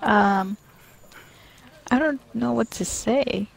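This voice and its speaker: Brief: woman with a gravelly, fry-heavy voice, playful banter on a stream. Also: fairly high pitch, slow, poor audio. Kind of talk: casual gaming chat.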